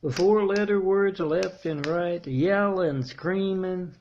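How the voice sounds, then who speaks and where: A man telling a meandering story in a halting monologue, restarting his phrases often. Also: high voice, a little mellow, lo-fi sound, a little hiss or hum. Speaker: self-made video preacher.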